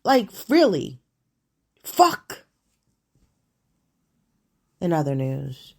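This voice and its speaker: A woman's voice: mid-range voice, sing-song, unhurried. A middle-aged woman hosting her own show, ranting about current events in a profane, incredulous way, often stammering and laughing. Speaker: show host. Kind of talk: solo commentary on current events.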